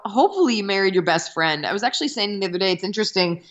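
A woman's voice: mid-range voice, lively intonation, very fast, fairly bright tone, highs cut off. A woman comedian being interviewed remotely, chatting in a wry, self-deprecating way with hesitant starts. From Texas. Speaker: comedian guest. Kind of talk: casual interview over a remote call.

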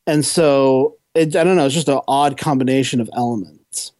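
A man's voice: mid-range voice, normal speed, darkish tone, no echo. A man co-hosting a podcast, giving a casual, enthusiastic film review that rambles and restarts often.

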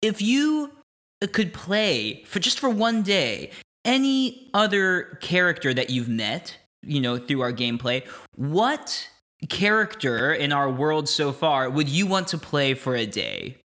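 A man's voice: on the high side, big pitch swings, slow, pushed and bright. A man hosting a tabletop game podcast as game master, talking in a playful, rambling way. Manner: playful, rambling, laughing often. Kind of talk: podcast host intro.

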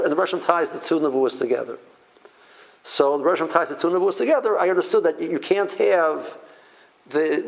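Middle-aged guy giving a torah class, kinda high voice, keeps stuttering and restarting, tells it with feeling. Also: gravelly, rough recording. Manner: halting, repeats words and restarts often; emphatic storytelling, mixes Hebrew terms. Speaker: Torah teacher.

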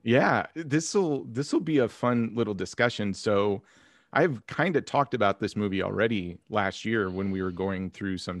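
A man in his forties co-hosting a casual podcast chat, joking and relaxed. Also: lowish voice, no echo. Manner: joking put-on smooth voice at first, then laughing and relaxed. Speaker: podcast co-host.

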